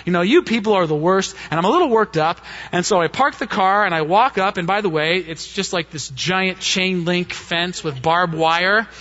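A man telling a story from the pulpit, animated and quick to act out what each person said. His voice sits high and sounds bright and forceful. The recording is dull and muffled. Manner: animated storyteller, acts out quotes. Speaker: pastor. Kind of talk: sermon storytelling.

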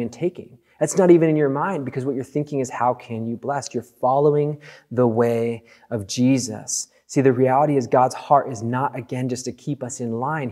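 A man preaching a sermon in an earnest, conversational way, slowing down for emphatic phrases. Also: medium pitch, mellow. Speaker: pastor.

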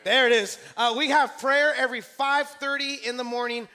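Pastor guy preaching in church, high bright voice, repeats his lines, gets the room to say amen. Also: steady tone, moderate pace. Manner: emphatic preaching with call-and-response to the congregation; repeats key phrases for emphasis. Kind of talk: sermon. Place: church sanctuary.

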